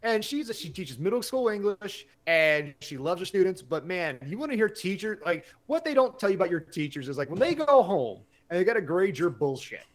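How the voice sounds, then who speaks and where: A middle-aged man hosting a casual live-stream chat, rambling and excitable, with many restarts and some swearing. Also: high voice, a little fast, few pauses.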